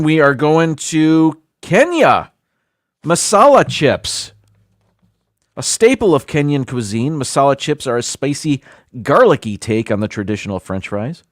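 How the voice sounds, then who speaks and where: Male streamer, casual and animated, reads a list with offhand jokes; dry close mic. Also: mid-range voice, no room sound. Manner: chatty, self-deprecating, stumbles over foreign words. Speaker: livestream host. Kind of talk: casual livestream chat, reading a list aloud.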